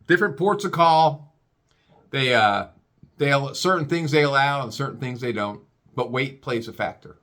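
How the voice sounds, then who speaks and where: A man's voice: mid-range voice, a bit bright. A man ranting in a rambling, crude comic way, stammering and restarting often.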